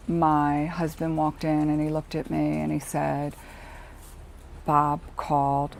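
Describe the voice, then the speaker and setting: A middle-aged woman, a bereaved mother, telling her story in a halting, reflective way with pauses. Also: low voice, vocal fry, slight background noise. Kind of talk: personal documentary testimony. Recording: music playing underneath. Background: soft background music.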